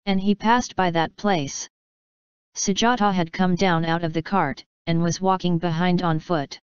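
A woman reading an old folk tale aloud in a measured, steady storytelling style. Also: lowish voice, clean tone, no echo, dull audio. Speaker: narrator. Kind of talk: scripted storybook narration.

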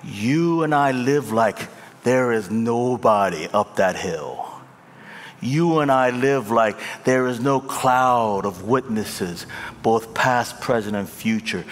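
A man's voice: mid-range voice, very animated, slow. A male pastor preaching a sermon, impassioned and conversational, with a long hall reverb on the voice. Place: large church hall.

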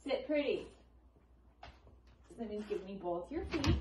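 A woman in her twenties vlogging at home, giving her dog commands in a raised pet-talk voice and chatting quietly to the camera. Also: high voice, animated, measured pace, long pauses, a little hiss or hum, poor audio. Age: 20s. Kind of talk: casual vlog, training her dog. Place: home, indoors.

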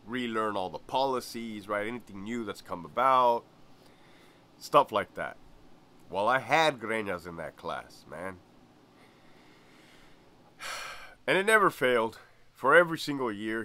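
A man's voice: on the low side, bright, forceful tone. A man in his forties, a former corrections lieutenant hosting his channel, telling stories in a casual way, chuckling often and asking "right?". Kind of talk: casual storytelling vlog.

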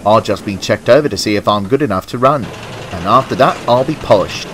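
A man's voice: on the low side, fairly quick, noisy background, natural voice. A man voicing a cheerful, friendly male vintage tank engine in a storybook tale, chuckling and chatty.

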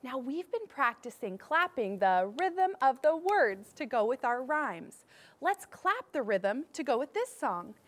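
Woman music teacher, high voice, very lively sing-song delivery, cheerful, leads call-and-response. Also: unhurried. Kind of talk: children's music lesson.

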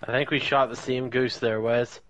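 A man's voice: mid-range voice, little pitch movement, moderate pace, a bit bright, slight background noise. A man gaming with a friend, trading wry, crude banter in casual chat. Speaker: co-op gaming partner. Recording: dull lo-fi, dry.

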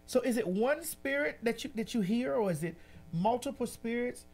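A woman's voice: fairly high pitch, animated, moderate pace, darkish tone, soft background music. A woman hosting a casual interview, framing her questions hesitantly and repeating words as she goes. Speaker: host.

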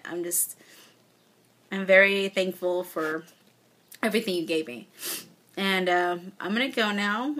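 A young woman talks straight to her camera as she opens a package of gifts, gushing over each item. Her voice sits at a middle pitch and wavers near tears. Faint noise sits under the recording. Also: pushed and bright. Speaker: vlogger. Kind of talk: casual unboxing vlog. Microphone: phone or camera mic.

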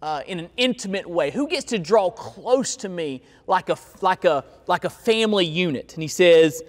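A male pastor preaching a sermon in a church, stressing key words and stretching them out slowly. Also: high-pitched, expressive. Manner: emphatic preaching with slow, drawn-out key words. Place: church sanctuary. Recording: long hall reverb.

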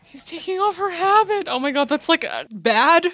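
A woman's voice: very high voice, big pitch swings, moderate pace, a bit bright. A woman hosting a casual movie reaction, exclaiming and laughing often as she comments.

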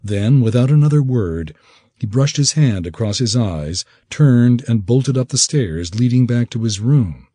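A man reading an audiobook in expressive, measured scripted narration. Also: mid-range voice, slightly rough, no room sound.

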